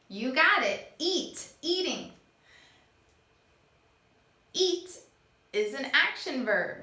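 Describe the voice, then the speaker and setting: A woman teaching young children, acting out each word she explains in a slow, animated way. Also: high voice. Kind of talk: children's lesson. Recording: echoey room.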